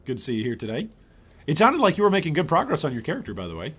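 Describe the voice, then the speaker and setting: Lively older man streaming a game. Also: on the high side, rapid-fire, breathy edge. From Michigan. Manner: chatty, reads chat aloud, bursts of excitement. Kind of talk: live gameplay commentary.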